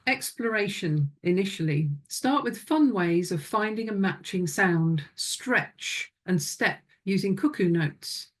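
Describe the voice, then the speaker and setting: A woman presenting a music teaching webinar, speaking calmly and instructively into a close microphone. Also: mid-range voice, takes it slowly, hardly any pauses. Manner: calm, instructive, demonstrates vocal exercises.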